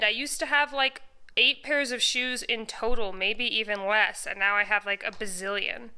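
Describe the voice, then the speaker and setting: Bright, chatty young woman vlogging. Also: mid-range voice, steady tone, a little slow, smooth, low-quality recording. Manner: chatty, laughs often, exclamatory. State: out of breath. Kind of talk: casual decluttering vlog.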